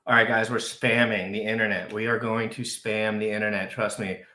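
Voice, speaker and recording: A man hosting a live crypto stream, talking frantically, overexcited, with shouts and repeated phrases. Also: fairly low pitch, level tone, normal speed, roomy sound. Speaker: crypto livestream host. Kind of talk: excitable live stream chat.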